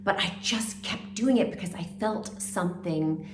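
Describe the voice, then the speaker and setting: A woman telling her career story in a casual, animated way with chatty fillers. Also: lowish voice, normal speed, background noise. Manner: animated, acts out quoted voices, chatty fillers. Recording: roomy echo.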